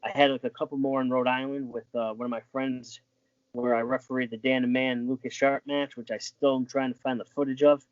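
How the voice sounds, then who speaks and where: A man's voice: medium pitch, level tone, a little fast, no echo, muffled recording. A man being interviewed as a former wrestling referee, telling stories in a rambling way with lots of restarts and filler words. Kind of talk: casual storytelling.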